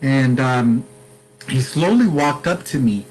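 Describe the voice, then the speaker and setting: A man's voice: mid-range voice, expressive, slow, a little hiss or hum, poor audio. A man speaking earnestly to camera as a sobriety coach, stressing his points with repetition and addressing the viewer directly.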